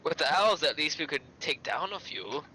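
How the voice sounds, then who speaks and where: A man's voice: on the high side, sing-song, moderate pace, bright, forceful tone, slight background noise, rough recording. A man playing in a casual tabletop game with friends, joking and laughing a lot. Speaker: player.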